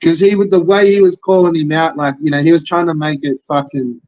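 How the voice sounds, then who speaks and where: A young Australian man rants in a loose commentary, his voice sitting a little high for a man. He swears all the time and keeps circling back to rhetorical questions. The sound is dry and close, with no room around it. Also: steady tone, a little fast, dry recording, muffled recording. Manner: profane, rambling, rhetorical questions. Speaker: commentary streamer. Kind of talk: casual commentary rant.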